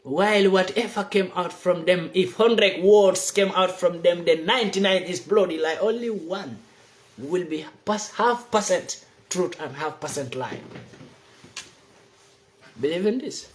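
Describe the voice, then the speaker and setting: High-voiced man preaching in an echoey room. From Africa. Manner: emphatic and repetitive, preaching slowly. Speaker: video blogger. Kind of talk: impassioned monologue to camera. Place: seated indoors.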